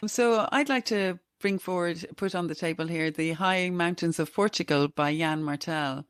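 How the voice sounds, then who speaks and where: A woman's voice: fairly low pitch, moderate pace, clear, resonant tone, no echo, clean studio sound. A woman hosting a book podcast, eagerly recommending a novel. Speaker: podcast host. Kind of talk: casual book chat.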